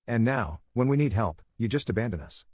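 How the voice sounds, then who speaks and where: A man's voice: medium pitch, expressive, brisk, a little mellow, husky, no echo, clean studio sound. A man voicing an angry, guilt-tripping middle-aged father who talks in a scoffing, dismissive way. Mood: scornful.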